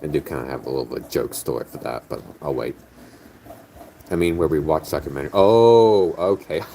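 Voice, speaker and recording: A man's voice: rumbling low, quick pace, vocal fry, dark tone, slight background noise. A tipsy man chatting casually on a stream, rambling, joking and swearing, his words slightly slurred. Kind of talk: casual chat.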